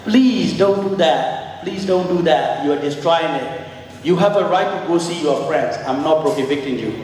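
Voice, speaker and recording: A man's voice: a little high, moderate pace, a little mellow. A man teaching a horseback riding clinic in an arena, repeating key points and acting out riders' calls, with non-native phrasing. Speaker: riding instructor. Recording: echoey arena, voice from far off.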